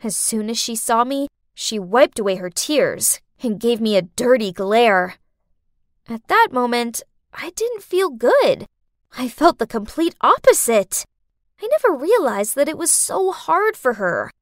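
A woman narrating a first-person story in an expressive, sassy way. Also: a little high, measured pace, no room sound, clean studio sound.

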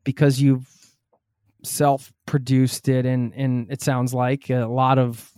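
A man hosting a podcast in casual interview chat, relaxed and chatty, thinking aloud as he talks. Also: mid-range voice, slow pace, smooth, no echo, clean studio sound. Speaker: podcast host.

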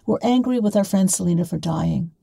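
A woman voicing an outspoken, chatty middle-aged woman activist, brisk and forthright. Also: on the low side, vocal fry, dark tone, husky, no room sound, pitched above the performer's own voice, exaggerated voice.

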